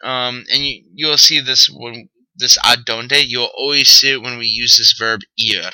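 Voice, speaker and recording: A man's voice: mid-range voice, fairly even intonation, a little slow, pushed and bright, smooth, dry recording, poor audio. A man teaching a recorded vocabulary lesson, upbeat and joking, checking in with "okay?" often. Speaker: Spanish teacher.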